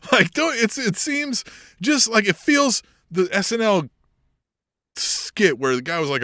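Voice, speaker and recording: A man's voice: high-pitched, moderate pace, dry recording, clean studio sound. A man co-hosting a wrestling podcast, chatting casually, swearing freely and laughing often. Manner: profane, animated, laughs often. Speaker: podcast co-host.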